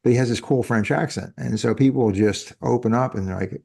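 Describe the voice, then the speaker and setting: A man's voice: medium pitch, fairly quick, creaky, dark tone, slightly rough. A man in his fifties hosting a casual interview, rambling and correcting himself as he goes. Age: 50s. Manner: rambling, self-correcting, chuckles often. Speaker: podcast host. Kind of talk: casual conversation. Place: living in France.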